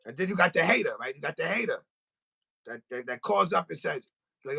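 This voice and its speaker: A man hosting a podcast in a studio, ranting with animated, profane, comic storytelling. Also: on the high side, brisk, gravelly, slightly rough. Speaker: podcast host. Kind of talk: casual podcast rant.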